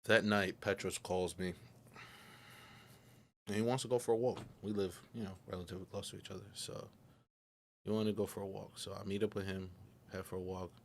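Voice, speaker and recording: A young man with a soft-spoken, earnest, reflective way of talking, often dropping to a near whisper, as he tells a personal confession. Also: low voice, fairly even intonation, gravelly, a little hiss or hum. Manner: earnest and reflective, with pauses and restarts. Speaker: podcaster telling his story.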